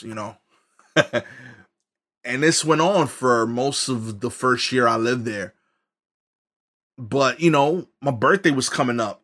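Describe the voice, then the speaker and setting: A man's voice: mid-range voice, a bit bright. A man, telling a funny personal story in a conversational way, full of wry asides. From New York. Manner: conversational, many "you know" fillers, wry asides.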